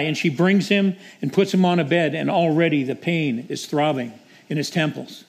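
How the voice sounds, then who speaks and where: A man's voice: on the high side, moderate pace, gravelly. A male preacher delivering a sermon with dramatic storytelling.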